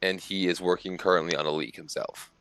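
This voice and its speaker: A man narrating a tabletop game as game master, in a relaxed, conversational way with occasional fillers. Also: deep voice, brisk, vocal fry.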